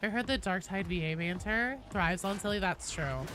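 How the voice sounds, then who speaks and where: A young woman streaming a game, chatting casually, reading chat aloud, swearing and breaking into excited squeals. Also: mid-range voice, normal speed, a little hiss or hum. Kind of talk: casual gaming livestream chat.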